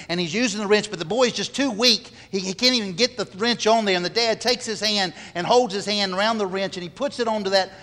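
In a church sanctuary with long hall reverb, a male pastor preaches earnestly, repeating words to stress each point. His high, sharp voice moves fairly quickly with few pauses.

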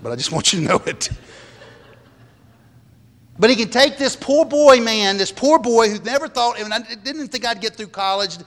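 A man's voice: high-pitched, fairly bright tone. A man, a pastor preaching a sermon earnestly and repeating words as he stresses each point. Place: church sanctuary. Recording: long hall reverb.

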